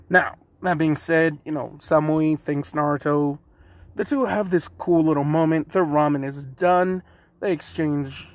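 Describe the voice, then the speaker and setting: A man's voice: a little high, dry recording. A man casually retelling a fan-made story, rambling and often correcting himself with lots of fillers.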